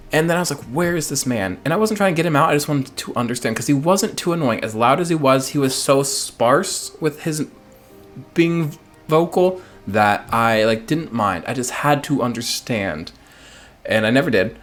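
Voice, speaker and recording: A man streams a game from his upstairs office and rambles playfully between cutscenes. His voice leaps up and down as he tells stories. Soft game music plays faintly behind him. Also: medium pitch. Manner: playful, rambling, jokey asides. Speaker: let's play streamer. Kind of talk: casual gameplay commentary.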